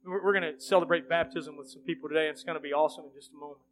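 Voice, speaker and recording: A man's voice: fairly high pitch, steady tone, rapid-fire, fairly bright tone. A man preaching as pastor, leading an altar call and then praying with earnest, pleading fervor in a church. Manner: earnest, pleading, rising to fervent prayer. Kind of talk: sermon altar call and prayer. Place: church sanctuary.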